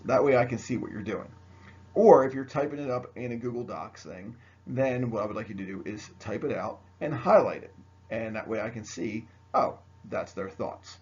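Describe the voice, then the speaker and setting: A man's voice: medium pitch, a little mellow, highs cut off. A man teaching a history lesson by video, chatty and joking, speaking straight to his students. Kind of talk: recorded video lecture.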